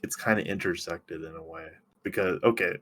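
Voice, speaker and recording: A man co-hosting a podcast, recapping a TV episode in casual, excitable chat, swearing freely. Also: sits low. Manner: excitable, swearing, recapping scenes with quick impressions. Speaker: podcast co-host.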